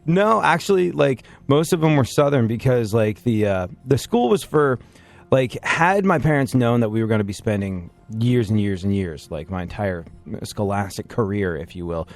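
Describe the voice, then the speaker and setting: A man hosting a casual podcast with a slightly low voice, wry and self-deprecating as he rambles through his stories. Faint music plays underneath. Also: expressive, normal speed, gravelly. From England. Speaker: podcast host. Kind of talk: casual chat.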